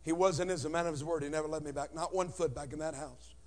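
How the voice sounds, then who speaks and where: A man telling his life story with comic timing and sudden shouted outbursts in a church. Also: a little high, fast. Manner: animated, punchy delivery with bursts of shouting.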